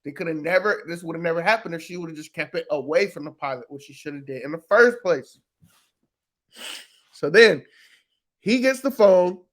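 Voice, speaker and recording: A man casually recapping a TV episode for his channel, loose and profane, with lots of fillers. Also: fairly high pitch. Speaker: reaction video host.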